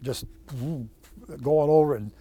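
A man, a former Marine, telling his war story in an interview, halting with many restarts and blunt swearing. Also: medium pitch, dark tone, husky, dry recording. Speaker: veteran interviewee. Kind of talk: oral history storytelling.

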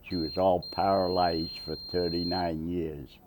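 An older man, a Navy veteran, telling an oral history story with animated quoted voices. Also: low-pitched, unhurried, background noise.

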